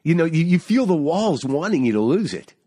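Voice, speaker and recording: A man's voice: on the high side, sing-song, a little fast, dark tone, slightly rough. A man chatting as a podcast guest, telling a story intensely, swearing and restarting his sentences. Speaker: guest comedian. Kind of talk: casual podcast chat, storytelling.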